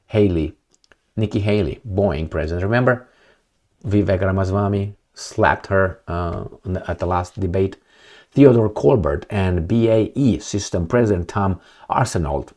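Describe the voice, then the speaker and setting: Rambling, sarcastic low-voiced man. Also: mellow. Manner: sarcastic, rambling, with many fillers and restarts. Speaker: political commentator. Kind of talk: casual monologue commentary.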